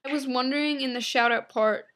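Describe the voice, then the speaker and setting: A young woman from Long Island answering viewer questions in a casual vlog, blunt and flippant with quick asides. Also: high voice, fairly even intonation, fairly bright tone. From Long Island, New York. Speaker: vlogger.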